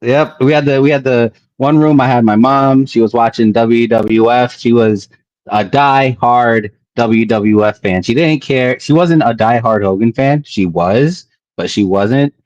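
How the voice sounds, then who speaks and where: A man guesting on an interview show, chatting casually and telling animated stories with drawn-out emphasis. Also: no room sound. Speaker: guest wrestler. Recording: dull low-fi audio.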